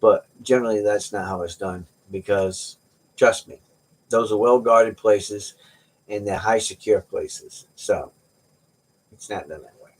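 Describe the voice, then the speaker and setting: A man's voice: fairly low pitch, unhurried. A middle-aged man hosting a livestream, chatting casually with viewers and telling rambling, joking stories. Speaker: livestream host.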